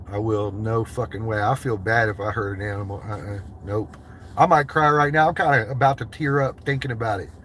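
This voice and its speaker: A man's voice: on the low side, fairly quick, a bit bright, a little hiss or hum. A man from the United States in a vehicle, chatting with his livestream viewers in loose, profane, joking banter. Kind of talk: casual livestream chat.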